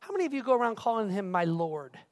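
A male pastor preaching a casual, animated sermon who keeps asking the crowd questions. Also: sits high, fast talker. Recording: reverberant hall.

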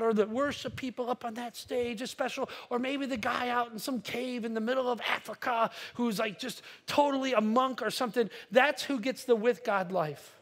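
A pastor preaches a sermon in an extremely high voice at a moderate pace with few pauses. He builds to forceful, emphatic peaks, then drops into quiet asides, often repeating a word as he restarts a sentence.

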